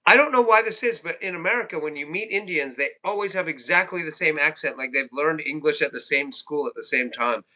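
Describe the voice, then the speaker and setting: A man's voice: fairly high pitch, a little fast, hardly any pauses, pushed and bright. A man hosting a livestream group call, chatting casually and jokingly, often repeating himself. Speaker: livestream host.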